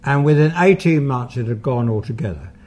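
An older man, a paranormal investigator, giving a lecture and taking audience questions in an unhurried, anecdotal storytelling manner. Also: mid-range voice, lively intonation, a little mellow. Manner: anecdotal, unhurried storyteller who acts out quoted dialogue.

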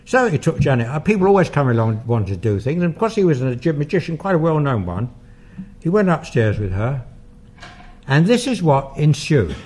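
An older man, a paranormal investigator, giving a lecture and taking audience questions in an unhurried, anecdotal storytelling manner. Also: fairly high pitch, very animated, a little mellow, husky. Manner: anecdotal, unhurried storyteller who acts out quoted dialogue.

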